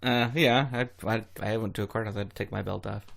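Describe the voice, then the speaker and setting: A man's voice: fairly low pitch, fairly even intonation, quick pace, creaky, fairly bright tone. A man co-hosting a casual podcast, answering in a laid-back, easygoing way. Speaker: podcast co-host.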